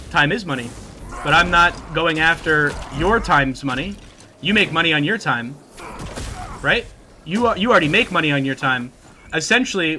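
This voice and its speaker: A man live-streaming and chatting casually with viewers, excitable and profane, thanking new followers by name. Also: on the high side, slight background noise.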